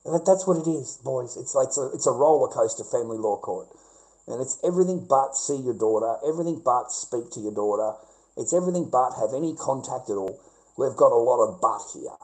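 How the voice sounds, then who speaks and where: A man's voice: mid-range voice, expressive, a little fast, darkish tone, poor audio. An Australian man in a rambling casual livestream chat with viewers, blunt and profane, ranting and laughing things off, speaking into a webcam in front of his screen.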